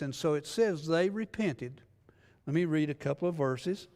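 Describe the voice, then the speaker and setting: A man delivers a sermon in a church, with a long reverb ringing after his words. His voice sits somewhat high for a man. He reads scripture and then retells it in plain, folksy terms, slipping into the voices of the people in the story. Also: animated, moderate pace, darkish tone. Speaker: pastor. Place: church sanctuary.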